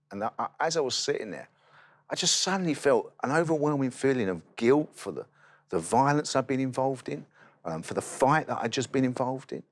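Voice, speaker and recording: A man, a guest in an interview, telling his testimony as a lively storyteller who acts out the dialogue. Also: medium pitch, a little fast.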